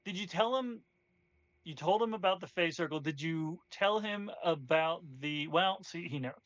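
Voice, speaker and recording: A man's voice: fairly high pitch, moderate pace, a bit bright, dry recording, highs cut off. Swearing, rambling game master, man. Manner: rambling, casual, swears freely. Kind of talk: narrating a tabletop game.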